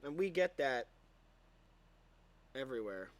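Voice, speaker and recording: A man hosting a commentary show, mocking what he plays with loud outbursts and muttered asides. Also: medium pitch, sing-song, a little slow. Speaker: host. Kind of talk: sarcastic commentary vlog.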